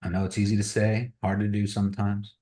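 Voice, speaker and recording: A man's voice: on the low side, monotone, brisk, mellow, reverberant. A man hosting a crypto trading webinar, giving blunt, motivational advice in casual live-stream talk. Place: room on a video call.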